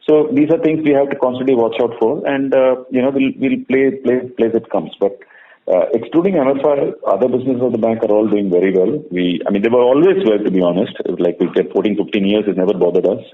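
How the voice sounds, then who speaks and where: A man's voice: medium pitch, quick pace. A male bank executive answering analysts confidently and reassuringly on an earnings call. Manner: confident, reassuring, thinks aloud. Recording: tinny phone line.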